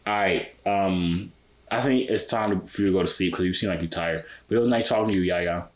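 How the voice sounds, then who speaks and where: A man's voice: deep voice, fairly quick. A young man vlogging, teasing strangers on a video chat with playful questions.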